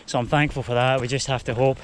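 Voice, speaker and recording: A young Scottish man talks to his handheld camera in a relaxed, chatty walk-and-talk as he climbs a misty hill trail. His voice sits at a middling pitch, with faint outdoor noise behind him. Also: quick pace. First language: Spanish heritage only, English first. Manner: chatty, talks to the camera while walking uphill. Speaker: hiking vlogger.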